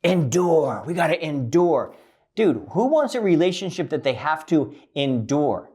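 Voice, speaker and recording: A man giving a blunt, profane coaching monologue about relationships, swinging from loud emphasis to low, quiet lines. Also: very animated, a little slow, breathy edge.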